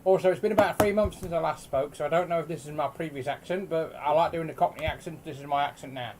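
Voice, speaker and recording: Man, game master, fairly high voice, fast jokey talk. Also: background noise. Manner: jokey, quick-talking. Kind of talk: running a tabletop game.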